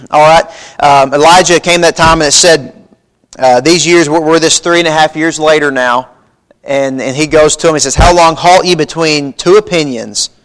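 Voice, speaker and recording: A man's voice: fairly high pitch, steady tone, normal speed, a bit bright. A man preaching a sermon, reading scripture aloud in a folksy, emphatic way. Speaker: pastor. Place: church sanctuary.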